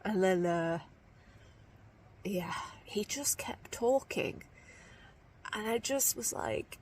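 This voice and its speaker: An exhausted woman talking to camera outdoors in a casual vlog, weary and sighing, sometimes hushed. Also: medium pitch, expressive, slow, long pauses, slight background noise, rough recording. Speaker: walking vlogger. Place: outdoors at a camp spot by a trail.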